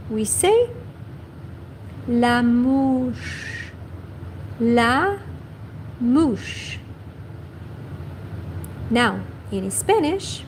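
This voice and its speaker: A woman teaching vocabulary on a livestream, saying each word twice slowly and carefully. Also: on the high side, a little mellow, slight background noise, rough recording. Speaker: language teacher. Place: home livestream.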